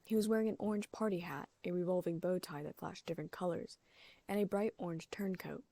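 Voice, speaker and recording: A woman reading a first-person fan fiction audiobook, giving the characters' lines small lifts in pitch and loudness. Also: steady tone, brisk, gravelly. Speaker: audiobook narrator.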